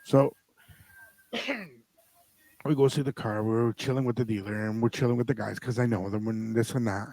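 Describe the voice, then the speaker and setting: A man's voice: mid-range voice, normal speed, pauses often, dry recording, rough recording. Man telling stories, mixing in Spanish. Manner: switches between English and Spanish phrases; animated, acts out family members in the story. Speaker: podcast co-host. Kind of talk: casual storytelling.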